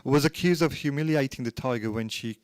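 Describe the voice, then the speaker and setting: A man's voice: mid-range voice, a little fast, clean tone, no room sound. A man co-hosting a radio show, reading out news items in a jokey, casual way, recorded dry in a studio. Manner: jokey, reads news snippets aloud. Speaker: radio co-host.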